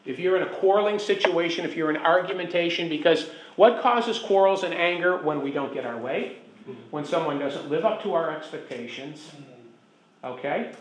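In an echoey room, a man teaches a Bible class as pastor, his expressive voice on the high side and his pace moderate. He chats along and regularly asks the room whether they agree.

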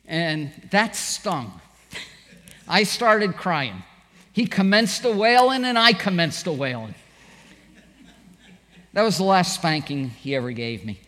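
High-voiced preacher in a reverberant hall. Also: male voice, measured pace, long pauses. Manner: storytelling preacher, animated, acts out quotes. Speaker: pastor. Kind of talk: sermon.

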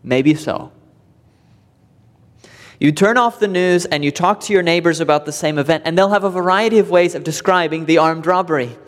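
A man preaching a sermon to his church, emphatic and deliberate, repeating key words for weight. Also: fairly high pitch, big-room sound. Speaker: pastor. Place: church sanctuary.

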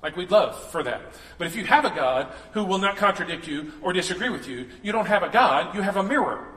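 Slightly fast and with lively intonation, a male pastor preaches in a high, bright, tense voice. His chatty sermon includes comic impressions of the people he quotes, and the big hall wraps his voice in long reverb.

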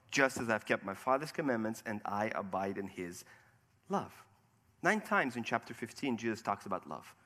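A man's voice: mid-range voice, sharp tone. A man preaching a sermon, walking through scripture verse by verse and asking rhetorical questions. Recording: long hall reverb.

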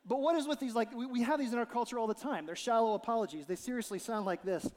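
A man preaching a sermon as pastor, animated and joking, acting out quotes as he goes. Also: high-pitched, rapid-fire. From Ohio. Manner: animated, jokey, acts out quotes. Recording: long hall reverb.

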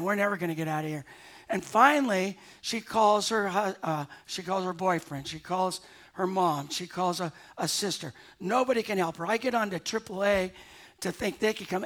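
A man with a high-pitched voice preaching from the pulpit of a church. He tells a story from his own life in a lively, animated way and often chuckles at himself. The tone stays conversational even while he delivers a sermon. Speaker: pastor. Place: church sanctuary.

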